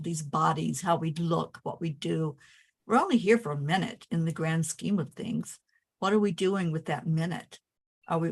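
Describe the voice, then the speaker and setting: A woman guest on a panel, speaking earnestly and asking rhetorical questions. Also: lowish voice. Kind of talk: casual panel talk.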